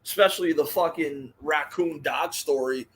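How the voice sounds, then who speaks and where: A man's voice: fairly high pitch, normal speed, husky. A man co-hosting a casual chat, cutting in with jokes and laughs. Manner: joking, laughing interjections.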